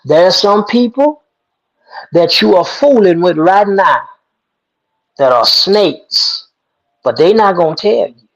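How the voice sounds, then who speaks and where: Folksy, preachy male talk show host, slow delivery, lo-fi sound. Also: sits high, lively intonation. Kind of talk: storytelling and moral preaching. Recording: dull lo-fi sound.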